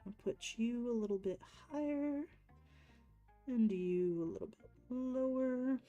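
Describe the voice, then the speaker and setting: A woman's voice: fairly high pitch, measured pace, warm tone, dull audio, faint music behind. Chatty woman streaming nail art. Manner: chatty, laughs often, self-deprecating. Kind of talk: casual live-stream chat.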